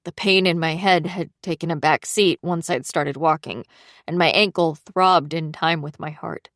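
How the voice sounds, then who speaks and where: A woman narrating a thriller audiobook in the first person, in a measured, subdued reading. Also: low-pitched, fairly even intonation, fairly bright tone, no echo, clean studio sound.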